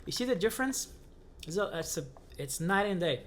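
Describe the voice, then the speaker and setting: A man's voice: sits high, lively intonation, normal speed. A man who speaks as his gives a casual music lesson, counting beats aloud between guitar examples. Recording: guitar playing heard loudly.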